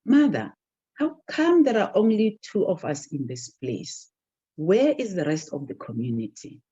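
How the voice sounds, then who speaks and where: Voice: medium pitch, very animated, unhurried, warm tone, husky. A storyteller voicing a brave, determined newborn boy hero who speaks in earnest, resolute declarations. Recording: dull lo-fi recording.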